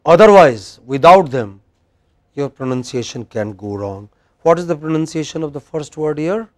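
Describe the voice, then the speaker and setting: In a university classroom, a man with an Indian English accent teaches English pronunciation, correcting students and slowly repeating words for them to copy. His voice is a little high, expressive, and warm.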